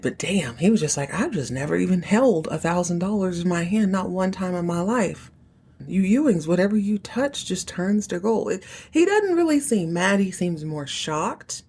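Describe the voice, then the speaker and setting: A woman hosts a casual recap podcast, her voice sitting a little low. She talks in a chatty way and drops playful asides into the story. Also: a little mellow. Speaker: podcast host.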